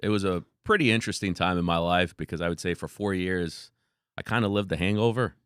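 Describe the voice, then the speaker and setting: A man, a company founder, telling laid-back, animated stories as a podcast guest. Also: low voice, quick pace, smooth, no echo, clean studio sound. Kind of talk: casual interview storytelling.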